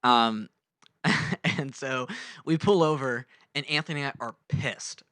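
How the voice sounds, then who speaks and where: A man's voice: medium pitch, a little slow, sharp tone, clean tone, no room sound. A young man co-hosting a podcast, telling a rambling story in casual chat, swearing and acting out the voices of the people in it. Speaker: podcast co-host.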